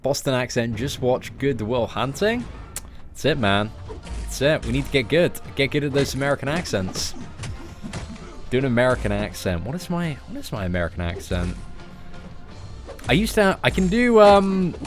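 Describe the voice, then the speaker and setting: A man's voice: medium pitch, expressive, normal speed, soft background music. A young man chatting casually on a live game stream, joking and answering his viewers. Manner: chatty, joking, reads out chat messages.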